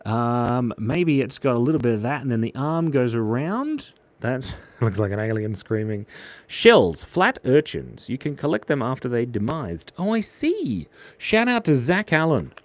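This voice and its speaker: A man's voice: medium pitch, a little slow, no room sound. Aussie guy drawing live for his viewers, bouncy sing-song voice, goofy and chatty, super dry close sound. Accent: Australian. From Australia. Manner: playful, animated, reads viewer chat aloud. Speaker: live drawing stream host. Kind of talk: live-stream chat while drawing.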